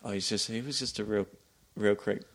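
A man's voice: fairly low pitch, steady tone. A man co-hosting a podcast, chatting casually and laughing as he recaps a TV episode. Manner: laughs often, quick back-and-forth banter. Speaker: podcast co-host.

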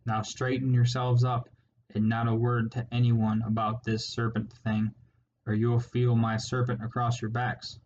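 A man's voice: medium pitch, level tone, unhurried, darkish tone, natural voice. A man voicing a menacing, irritable male rat warlord who gives curt orders, in a slightly muffled recording with faint hiss. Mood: irritable, commanding.

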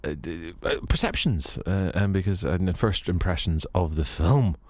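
A man hosting a casual film discussion, talking haltingly with many fillers and restarts. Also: low-pitched, a little mellow, no room sound. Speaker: podcast host.

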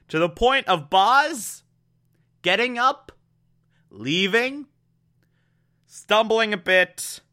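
A man giving an excitable, emphatic recap of a TV episode, laughing often and acting out the characters' lines. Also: fairly high pitch, creaky. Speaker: TV show reviewer. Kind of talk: casual recap commentary.

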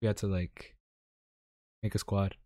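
A man's voice: sits low, flat delivery, measured pace, dark tone, no room sound, studio quality. A man chatting casually with friends, laughing often and pushing everyone to do impressions.

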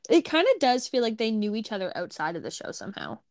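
A woman co-hosting a podcast in casual chat, asking quick follow-up questions. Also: on the high side, darkish tone, dry recording, clean studio sound. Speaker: podcast co-host.

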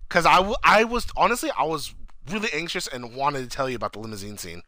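A man in casual chat, excitedly retelling a TV episode, swearing and rambling. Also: a little high, quick pace, no room sound, low-quality recording.

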